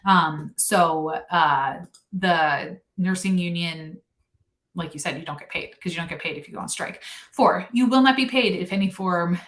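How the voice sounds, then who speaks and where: A woman's voice: fairly low pitch, normal speed, a bit bright. A young adult woman, a nurse, hosting a casual livestream chat, chatty and sarcastic with frequent laughs.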